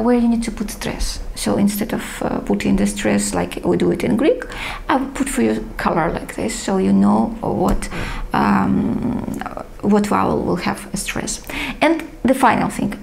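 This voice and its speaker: Slow, gravelly-voiced woman teacher. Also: on the high side, expressive, darkish tone, a little hiss or hum. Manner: careful, patient teacher reading word lists aloud; non-native English with small slips. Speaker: language teacher. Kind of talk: recorded language lesson.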